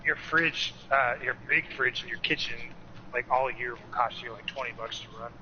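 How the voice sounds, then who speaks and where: Bright-voiced, laid-back male co-host. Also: mid-range voice, moderate pace. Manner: laid-back, argumentative, profane. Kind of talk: casual chat. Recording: dull lo-fi audio, faint noise.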